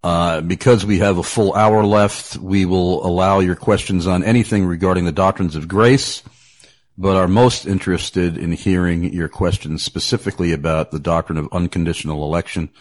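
A man's voice: low-pitched, fairly even intonation, normal speed. A man hosting a radio talk show, chatting casually, often repeating words and laughing easily.

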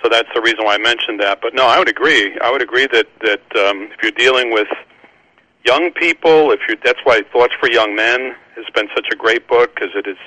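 A man's voice: medium pitch, dry recording, rough recording. A man hosting a casual conversation about Christian books, talking with many restarts and repeated words. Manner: halting, many restarts, warm laughter. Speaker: Christian book publisher and podcast host.

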